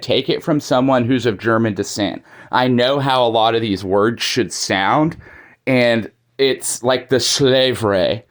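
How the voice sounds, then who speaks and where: Chatty, opinionated man with mid pitch. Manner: opinionated, chatty, many "like" fillers. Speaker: anime video commentator. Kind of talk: casual opinion commentary.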